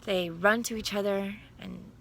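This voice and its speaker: A woman casually retelling a fairy tale in a plain, unhurried way, correcting herself now and then. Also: mid-range voice, steady tone, creaky, a little hiss or hum. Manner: plain, unhurried telling with small self-corrections. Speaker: storyteller.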